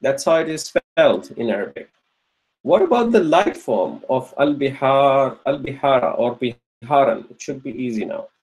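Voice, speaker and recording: A man's voice: medium pitch, sing-song, normal speed, a little mellow, rough recording. A man teaching an online Arabic grammar lesson, patiently repeating each answer, checking in with students and praising their replies.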